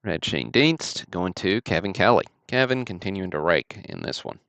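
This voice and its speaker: Male livestream host, very low gravelly voice, relaxed chatty delivery. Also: moderate pace, dry recording. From Alabama. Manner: easygoing, chatty running commentary. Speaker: host of a card-break livestream. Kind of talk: casual livestream commentary.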